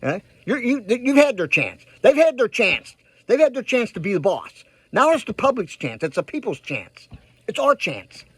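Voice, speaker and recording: A man's voice: extremely high pitch, big pitch swings, normal speed, slightly rough, no echo. A man ranting heatedly to his viewers, repeating himself for emphasis and urging them to act. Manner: heated, repetitive, emphatic, addresses viewers directly. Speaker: political vlogger. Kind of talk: ranting direct-to-camera commentary.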